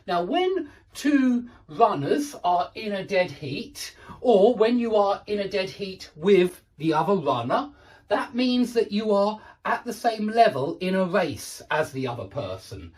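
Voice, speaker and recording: A man's voice: high voice, very animated, a little mellow. A man teaching English vocabulary in an online lesson, explaining phrases patiently with frequent restarts and "um"s. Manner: explains slowly with many restarts and "um"s; checks in with "okay?" and "yeah".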